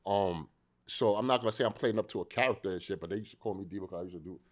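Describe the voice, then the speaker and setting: Fast-talking man. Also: low-pitched. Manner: fast, rough street talk. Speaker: podcast guest. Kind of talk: casual storytelling.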